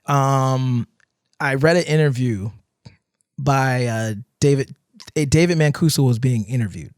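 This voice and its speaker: A man on a podcast telling stories in casual chat, animated, swearing freely and acting out cheering friends. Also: medium pitch, unhurried, dry recording, clean studio sound. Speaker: guest dancer. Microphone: podcast microphone.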